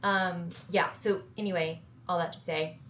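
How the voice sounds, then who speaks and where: A woman's voice: lowish voice, fairly even intonation, unhurried, fairly bright tone, slight background noise. A young woman with a Southern US accent, talking casually and upbeat to camera in a travel vlog, joking about herself. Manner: chatty, upbeat, self-joking. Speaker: travel vlogger.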